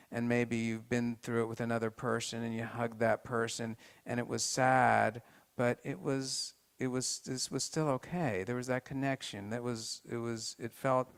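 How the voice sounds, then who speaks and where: A man giving an informal health talk to a live group, halting with many restarts and turning to the audience with questions. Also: mid-range voice, creaky, clean tone.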